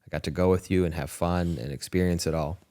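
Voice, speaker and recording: A man's voice: sits low, steady tone, quick pace, dark tone. A man hosting a podcast, telling a personal story in an earnest, reflective way with frequent restarts. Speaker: podcast host. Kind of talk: candid conversation.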